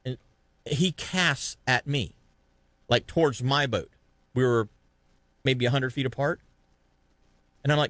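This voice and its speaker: A man hosting a fishing podcast, telling a lively fishing story in casual chat and acting out the other anglers' lines. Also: mid-range voice, measured pace, long pauses, dry recording. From Florida.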